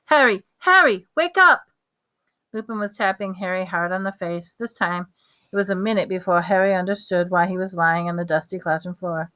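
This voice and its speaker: A woman reading a novel aloud at a steady pace, with small slips and restarts. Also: fairly low pitch, fairly quick. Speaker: audiobook reader.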